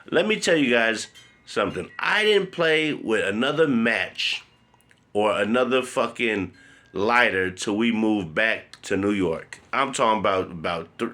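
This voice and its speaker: A man's voice: lowish voice, expressive, measured pace, pushed and bright. Blunt, profane man telling a story. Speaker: vlogger. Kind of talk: casual personal storytelling.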